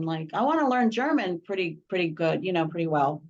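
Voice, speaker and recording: A woman chatting on a video call, telling a story in an animated way with frequent laughs. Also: lowish voice, fairly quick. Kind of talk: casual video call chat. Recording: dull lo-fi call audio.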